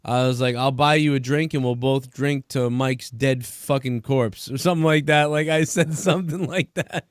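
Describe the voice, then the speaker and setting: Profane, storytelling man with a smooth voice. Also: medium pitch, moderate pace, hardly any pauses, dry recording, clean studio sound. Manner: profane, animated storyteller acting out quotes. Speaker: podcast host. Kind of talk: casual chat, storytelling.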